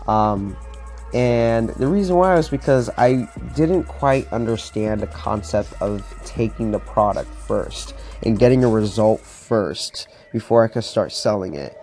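A young man telling a personal story in a chatty, excitable way to camera, with lots of fillers. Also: fairly low pitch. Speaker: vlogger.

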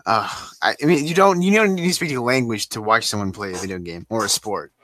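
A man's voice: on the low side, fast talker, dry recording. A man in casual podcast chat who jokes around and laughs easily. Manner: lively, joking, laughs easily.

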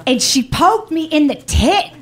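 A woman telling a comic personal story to a live audience, animated, blunt and profane, with a self-mocking edge. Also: high voice, unhurried, over a noisy crowd, heavy background noise.

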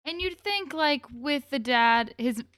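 A woman's voice: high-pitched, lively intonation, slow pace, fairly bright tone, no room sound, studio quality. A woman guest chatting and joking while recapping a TV episode, reading from her notes. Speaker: guest co-host. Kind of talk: casual chat recapping a TV episode.

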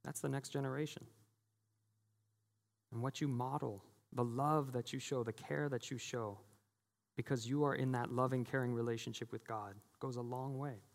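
A man's voice: medium pitch, steady tone, moderate pace, creaky. A pastor in his thirties giving a conversational sermon in a church, telling stories, laughing often and leaning on "you know". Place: church sanctuary. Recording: long church hall reverb.

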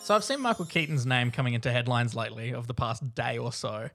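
A young Australian man hosting a casual movie podcast, relaxed and laughing easily. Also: mid-range voice, fast, faint music behind. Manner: relaxed, laughs easily, restarts mid-sentence. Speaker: podcast host.

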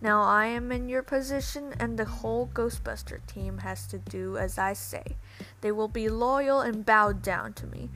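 A woman's voice: on the high side, measured pace, a bit bright, faint music behind. A woman reading a storybook, voicing a boastful, haughty evil female ghost witch. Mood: gloating. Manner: gloating, haughty.

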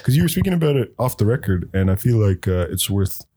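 A man's voice: on the low side, big pitch swings, quick pace, noisy background. A man hosting a podcast in casual chat, laid-back, laughing often and swearing casually. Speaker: podcast host.

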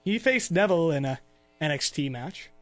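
This man talks in a notably high voice, easygoing and rambling as he recaps things for his podcast. He laughs often and keeps it loose and conversational. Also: expressive, normal speed. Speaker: podcast host. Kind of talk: casual chat recapping wrestling.

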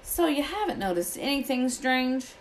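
A woman voicing a huge, gruff male gamekeeper in a storybook reading, brusque and rustic in manner. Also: sits high, sing-song, normal speed, slight background noise, pitched above the performer's own voice, poor audio. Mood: gruff impatient.

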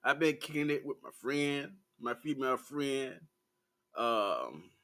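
A man in his forties with a Southern American accent, ranting bluntly and profanely to the camera in a slow, laid-back vlog. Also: medium pitch, sing-song, fairly bright tone. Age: 40s. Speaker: vlogger.

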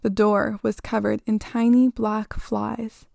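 A woman reading a horror story aloud in a steady, measured way. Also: mid-range voice, gravelly, no echo, studio quality.

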